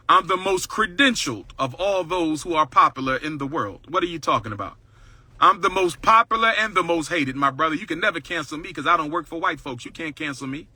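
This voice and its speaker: Bright, high-pitched man boasting on a livestream. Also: no room sound. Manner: bold, boastful preaching cadence, repeats lines for emphasis. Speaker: livestream host. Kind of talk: livestream talk.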